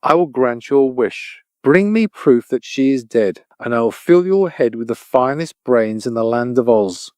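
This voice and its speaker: A man's voice: mid-range voice, lively intonation, measured pace, few pauses, darkish tone, dry recording, clean studio sound, natural voice. A man voicing a regal, stern winged lady wizard.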